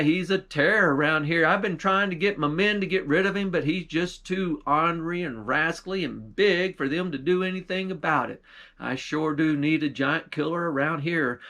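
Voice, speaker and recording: A man's voice: fairly high pitch, pushed and bright. A man voicing a fretting, folksy king who talks on in plain country speech. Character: worried old-fashioned king.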